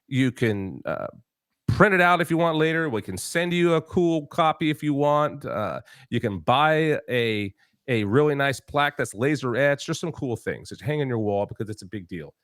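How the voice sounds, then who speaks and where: Emphatic talk show host. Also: male voice, mid-range voice, expressive, moderate pace, fairly bright tone, no room sound, clean studio sound. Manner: emphatic, preachy, many restarts and rhetorical questions. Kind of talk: political talk show chat.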